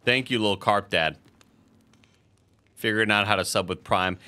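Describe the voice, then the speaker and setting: A man's voice: on the low side, moderate pace, long pauses, bright, forceful tone, clean tone, no room sound. A man streaming a video game, chatting casually to his viewers, swearing freely and laughing often. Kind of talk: casual gameplay commentary.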